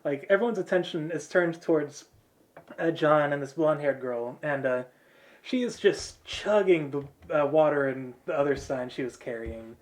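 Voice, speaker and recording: A man's voice: on the high side, normal speed. A man narrating a tabletop game as game master, casual and full of fillers.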